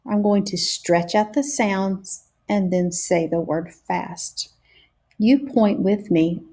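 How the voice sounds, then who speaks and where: Slow, deliberate woman teaching phonics. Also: on the low side, gravelly, darkish tone, slightly rough. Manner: slow and deliberate, stretching out each sound. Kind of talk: phonics lesson for young children.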